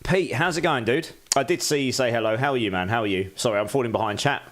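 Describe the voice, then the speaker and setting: A man's voice: mid-range voice, fast talker, fairly bright tone. A man chatting casually on a live game stream, thanking viewers and speaking candidly.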